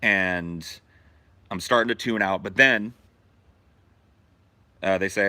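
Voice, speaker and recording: A podcast host telling a profane, animated story from his childhood in casual talk. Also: lowish voice, normal speed, long pauses, dry recording.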